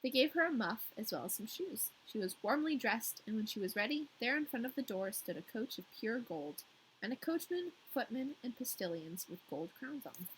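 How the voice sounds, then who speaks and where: A woman's voice: a little high, very animated, moderate pace, slight background noise, low-quality recording. A woman co-hosting a podcast, reading a fairy tale aloud in a casual way with playful, joking asides. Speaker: podcast co-host and story reader.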